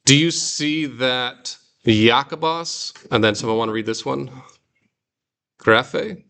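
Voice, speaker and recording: A man's voice: mid-range voice, takes it slowly, sharp tone, a little hiss or hum. Guy teaching a greek class, patient, explains with examples, mid voice. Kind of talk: classroom lesson.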